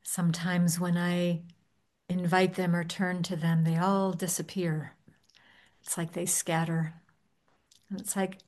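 A woman guides a meditation in an unhurried, gentle voice, leaving long pauses between phrases. Her voice sits a little low and stays soft-spoken throughout. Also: little pitch movement. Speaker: meditation teacher.

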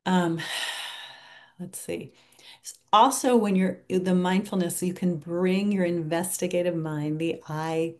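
A woman giving a reflective teaching talk on mindfulness, turning gentle and soft when she models kind self-talk. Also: lowish voice. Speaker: meditation teacher.

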